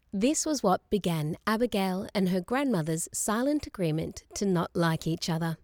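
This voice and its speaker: A woman narrating a novel aloud in a measured, expressive storytelling manner. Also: mid-range voice. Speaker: audiobook reader. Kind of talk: scripted narration.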